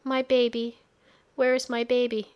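A woman's voice: a little high, completely flat delivery, a little slow, clear, resonant tone, lo-fi sound, voice pushed up, close to an everyday voice. A weak dying young mother, read by a woman. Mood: weak, pleading. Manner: weak, hushed.

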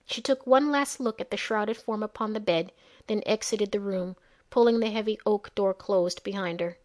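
Woman, fantasy audiobook narrator, measured, mid pitch.

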